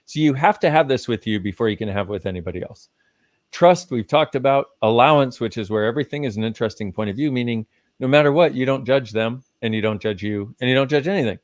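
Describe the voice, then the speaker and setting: A male guest speaker with a medium-pitched voice talks fast in live conversational teaching, emphatic and swearing casually as he lists ideas. The sound is close and dry, with no echo.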